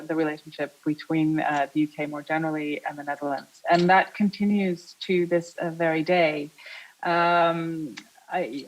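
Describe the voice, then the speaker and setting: A woman's voice: sits low, rough recording. An American woman, an art historian speaking on a panel over a video link, chatty with frequent fillers. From United States.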